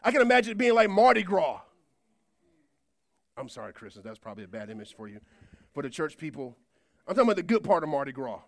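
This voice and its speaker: A man preaching a sermon, swinging from quiet asides to shouted points. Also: a little high, big pitch swings, fast talker, long pauses, no room sound.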